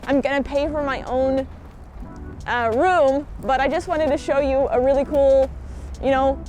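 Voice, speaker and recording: A woman's voice: high voice, fairly even intonation, a little slow, a little mellow, soft background music. A woman vlogging a tour of a capsule hotel, chatty and informal, talking to a handheld camera indoors. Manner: chatty and informal, with frequent fillers. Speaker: travel vlogger. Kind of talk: casual vlog tour.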